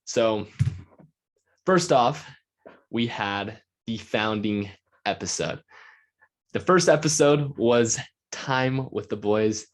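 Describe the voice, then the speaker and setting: A man's voice: lowish voice, takes it slowly, long pauses. A man hosting his own podcast alone, talking eagerly in a rambling way with lots of filler words. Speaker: podcast host. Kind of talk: solo podcast monologue.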